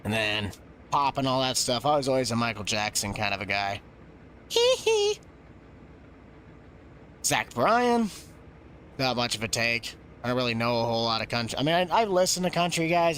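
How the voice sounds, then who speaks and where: A man's voice: medium pitch, fast talker, fairly bright tone, slight background noise. A man streaming a game live, chatting casually and answering questions from chat.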